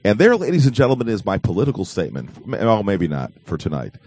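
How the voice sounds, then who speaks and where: A man's voice: on the low side, wildly swooping pitch, fast talker, darkish tone. A man hosting a live online talk show, joking and rambling with frequent fillers and restarts. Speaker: host.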